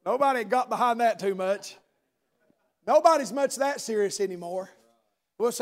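A man preaching a fiery sermon, punctuating nearly every line with "amen" and building to rhythmic shouts before dropping back to a near-murmur. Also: extremely high pitch, expressive, normal speed, long pauses. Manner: calls out "amen" often, chants and shouts rhythmically.

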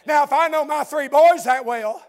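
A middle-aged man preaching a sermon as pastor, fervent and building to shouts. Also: extremely high pitch, moderate pace.

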